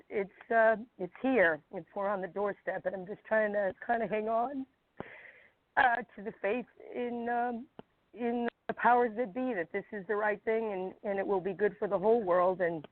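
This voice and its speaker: A woman caller speaks on a tinny phone line, her voice narrow and thin. She talks in an emotional, halting way, pausing often to find her words. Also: medium pitch. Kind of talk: call-in phone chat. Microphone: telephone.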